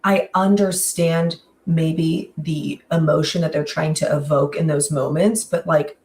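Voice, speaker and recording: A woman with a deep voice and measured pace, sounding far from the mic, chats casually on a podcast while animatedly reviewing a series. She uses "like" constantly, laughs often, and adds exaggerated, emphatic asides.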